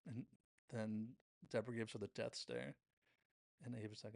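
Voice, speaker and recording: A man hosting a show, casually recapping a TV episode scene by scene and quoting the characters in quick impressions. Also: mid-range voice, level tone, vocal fry, no echo. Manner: retells scenes with quick quoted impressions, self-correcting. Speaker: podcast host reviewing a TV episode.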